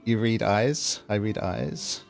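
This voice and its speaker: Male streamer, lower voice, sweary, laughs a lot, reads out chat. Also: slow pace, vocal fry, soft background music. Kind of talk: casual stream chat, reading chat aloud.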